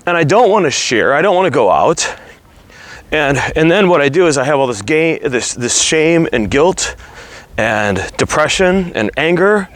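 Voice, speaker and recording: A man vlogging candidly about his weight, earnest and halting. He is slightly out of breath from walking while he talks. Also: on the high side, big pitch swings, fairly bright tone, no echo. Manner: earnest, halting, restarts words while opening up. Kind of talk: candid confessional vlog.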